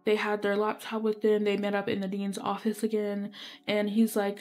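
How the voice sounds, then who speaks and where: A woman's voice: mid-range voice, completely flat delivery, normal speed, a little mellow. Young woman gaming creator, rambling, filler-heavy storyteller who keeps apologizing. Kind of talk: casual storytelling while playing.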